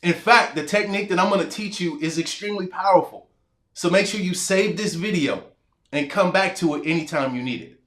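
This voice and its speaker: A man's voice: on the high side, fairly bright tone. A man in his thirties giving a casual, conversational self-help talk straight to the viewer, acting out bits of his own past dialogue. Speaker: motivational speaker. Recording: echoey room.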